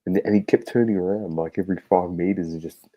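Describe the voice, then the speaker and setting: A man's voice: low voice, steady tone, fast, highs cut off. An Australian man co-hosting a sports podcast, telling stories in a loose, sweary, laughing way. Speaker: podcast co-host. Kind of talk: casual sports podcast chat.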